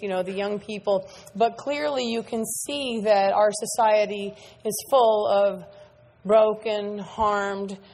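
A woman's voice: medium pitch, darkish tone. A middle-aged woman giving a candid, earnest testimony talk to a large meeting audience, repeating words for emphasis. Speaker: speaker at a recovery meeting.

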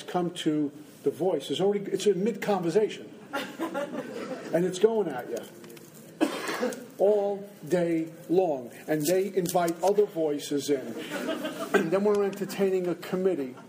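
At a recovery meeting, a man with a high, dark-toned voice tells funny, self-deprecating stories to a live audience, acting out the voices in his head. The recording, made in an indoor meeting room, is of low quality.

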